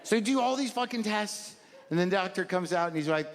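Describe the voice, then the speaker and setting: A man's voice: high-pitched, expressive, fast. A man in his fifties performing a rambling, self-deprecating stand-up routine, acting out his inner voices. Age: 50s. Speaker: stand-up comedian. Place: comedy stage before a live audience. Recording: live stage mic in a large hall, audience noise.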